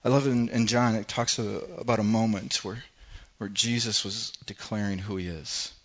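A man preaching a sermon as pastor, swinging from loud, forceful scripture reading to soft, hushed lines. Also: fairly low pitch, fairly even intonation, moderate pace, dull audio. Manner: impassioned, rising loud when reading scripture, then dropping soft.

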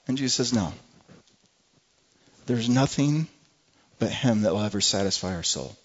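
A man preaching a sermon to a congregation with passion, swinging from soft, low moments to loud, high pleas and often repeating words. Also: expressive, normal speed, husky, lo-fi sound. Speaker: pastor.

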